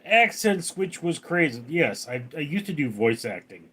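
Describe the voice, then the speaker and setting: A man from Los Angeles, California hosts a casual late-night livestream outdoors, rambling as he reads viewer comments and answers them. His fairly high voice is very animated, pushed and bright with a breathy edge, moving at a moderate pace with hardly any pauses.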